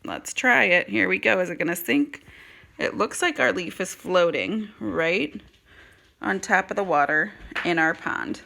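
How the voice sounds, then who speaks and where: A woman's voice: on the low side, animated, measured pace, creaky, pushed and bright. A woman teaching a circle time lesson to young children, encouraging and explaining each step in a sing-song way. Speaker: preschool teacher.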